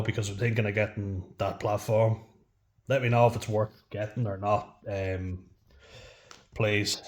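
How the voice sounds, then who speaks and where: Frank, swearing Irish man, low voice. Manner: frank, heavy swearing, frequent "you know". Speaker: vlogger. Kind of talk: casual chat to camera.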